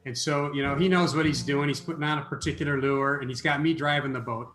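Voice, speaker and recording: A man telling a story as an interview guest, animated and prone to restarting his sentences. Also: fairly high pitch, fast, roomy sound. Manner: animated storyteller, repeats words when starting.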